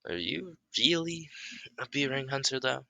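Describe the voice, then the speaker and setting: A man voicing a formal, probing association chairman in an improvised fan story, with a halting delivery. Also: medium pitch, lively intonation, creaky, bright, forceful tone, no echo, pitched above the performer's own voice, exaggerated voice.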